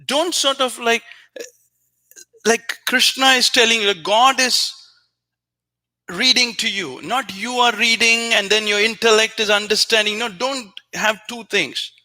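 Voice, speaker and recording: A man with a very high-pitched voice, in no hurry, gives an earnest teaching talk on his spiritual show. Speaking straight to a viewer, he repeats himself and occasionally chants phrases softly.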